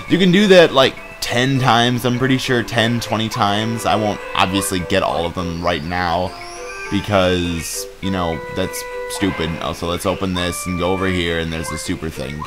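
A young man talks his way through a video game in a low, deep voice. He rambles, jokes and restarts his sentences, filling gaps with "um" and "uh". Game music plays clearly underneath him. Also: normal speed. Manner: rambling and joking, with many fillers and restarts. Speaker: let's play gamer. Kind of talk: casual game commentary. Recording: game music playing behind.

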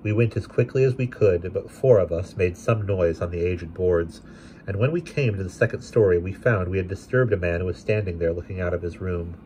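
A man narrating a classic novel aloud in a steady, expressive way. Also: deep voice, fairly quick, slight background noise. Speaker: audiobook reader.

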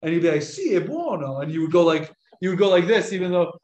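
A man, a Catholic priest, gives a casual lecture in a fairly high voice. He talks in an animated, chatty way and often breaks off and restarts his sentences. The sound is roomy and echoey. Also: racing, muffled recording. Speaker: catholic priest giving a talk.

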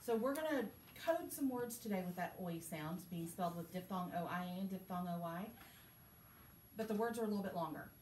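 A woman's voice: on the low side, lively intonation, brisk, darkish tone, a little hiss or hum. A woman teacher, leading a reading lesson with patient, encouraging questions. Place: school classroom. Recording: echoey classroom from far off.

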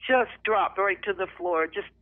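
A woman's voice: mid-range voice, measured pace, no room sound. Middle-aged woman on a tinny phone line. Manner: emotional, animated retelling with lively acted quotes. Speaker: radio guest sharing a testimony. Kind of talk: personal faith testimony, storytelling.

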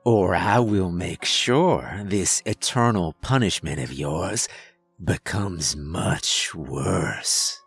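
A man's voice: deep voice, very slow, gravelly, slightly rough, soft background music, voice pushed down, full character voice. A man voicing a cruel undead male pianist, snarling and menacing, in a horror story reading.

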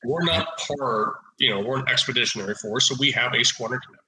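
A man in his forties from Oregon, a podcast guest and retired officer, telling lively anecdotes in a casual, blunt, salty way. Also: medium pitch, quick pace, reverberant, a little hiss or hum, poor audio. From Oregon, USA. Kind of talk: casual storytelling.

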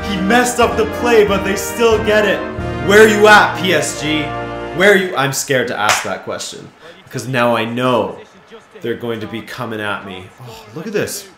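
A man commentating his own football video game, muttering then yelling with excitement, his voice going hoarse. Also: medium pitch, moderate pace, reverberant, over music. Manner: excitable, swings from mutters to shouts. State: losing his voice. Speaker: gaming YouTuber.

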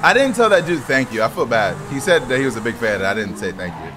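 A young man streaming a role-play driving game, loud and excitable, swearing freely and shouting at other players. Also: medium pitch, fast talker, background noise. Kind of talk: loud gaming commentary. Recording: game music playing behind.

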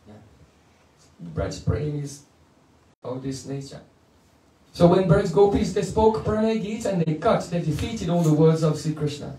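A man's voice: high voice, lively intonation, a little slow, warm tone. A man giving a playful devotional lecture, telling stories and breaking into chanted verses. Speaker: spiritual teacher. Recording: echoey room, mic at a distance.

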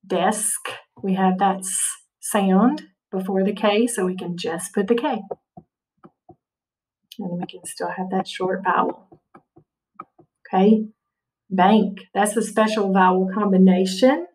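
A woman's voice: mid-range voice, fairly even intonation, slow pace, pauses often, a little mellow, far from the mic, low-quality recording. A woman teaching a spelling lesson, patiently sounding out words and checking in with her students often. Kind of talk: spelling lesson over slides.

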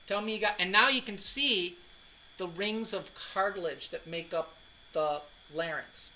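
A man's voice: high-pitched, unhurried, bright, forceful tone, slight background noise, rough recording. A man giving a classroom anatomy lecture, joking and quizzing students as he goes. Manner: joking, drills students with questions.

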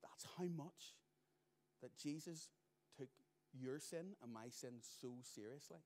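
A middle-aged man, preaching a sermon as pastor, moving between loud emphatic lines and quiet asides. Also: mid-range voice, slow.

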